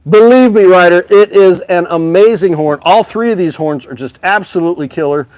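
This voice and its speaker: A man's voice: sits high, moderate pace, darkish tone, no echo. Dry, upbeat male live-stream host. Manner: upbeat and chatty, talking straight to viewers. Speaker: host of a live music store show. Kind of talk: casual live-stream sales chat.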